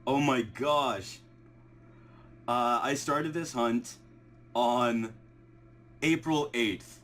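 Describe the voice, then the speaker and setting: A young shiny-hunting creator records an excited live reaction vlog, swinging from ecstatic shouting and laughter to quick, low explanations and quiet muttered counting. He is shaky and breathless, heart racing with excitement, and there is slight background noise.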